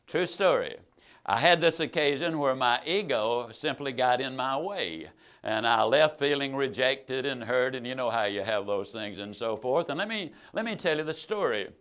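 A man telling a true story in a motivational sales talk, folksy and emphatic, swinging between loud and soft. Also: mid-range voice, animated, moderate pace, clean tone. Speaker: sales trainer and motivational speaker.

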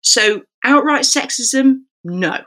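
A woman who is a football referee, chatting as a podcast guest and telling stories with lively acted quotes. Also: high voice, slow.

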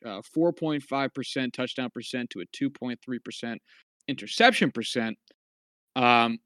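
A man's voice: mid-range voice, fairly bright tone, no echo. A man co-hosting a casual sports podcast, making dry, wry asides while reading off stats. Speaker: podcast co-host.

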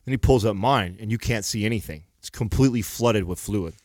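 A man's voice: fairly low pitch, fairly quick, darkish tone, no echo, studio quality. A man telling a long story in casual chat, rambling and swearing freely as he goes.

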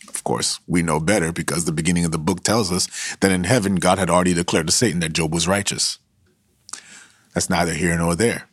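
A man's voice: deep voice, fairly even intonation, a little fast, breathy edge, no room sound, clean studio sound. A man preaching a sermon in a conversational, emphatic way with slangy asides.

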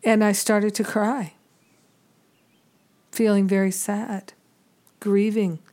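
Woman, mid-pitched voice, unhurried spiritual teacher; earnest, reflective delivery with frequent pauses. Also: level tone, dark tone. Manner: measured and earnest, pausing often.

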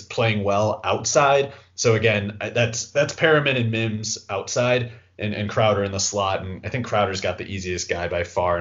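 A man giving casual sports analysis on a podcast, animated and quick, sometimes mocking other people's voices. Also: on the low side, lo-fi sound. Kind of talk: casual fantasy football analysis.

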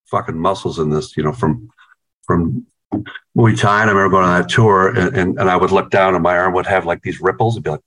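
Sitting low in pitch and a bit bright, the voice of a middle-aged New York guitarist stays fairly even as he talks fairly quickly. Interviewed casually by video call, he rambles through profane stories and repeats words.

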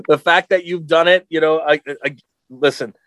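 A man's voice: fairly high pitch, steady tone, moderate pace, a bit bright, dry recording, muffled recording. A middle-aged man co-hosting a podcast, chatting casually and rambling, laughing often and acting out voices. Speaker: podcast co-host. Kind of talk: casual comedic chat.

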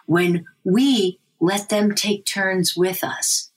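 A middle-aged woman, a language development researcher, answering interview questions in an animated way. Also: very slow, slight background noise. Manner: animated, breaks into a high sing-song baby voice for examples.

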